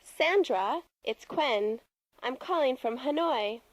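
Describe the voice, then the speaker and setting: A woman voicing a friendly caller in a textbook audio dialogue, speaking clearly and politely. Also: high-pitched, animated, slow pace, no room sound, heavily acted, poor audio.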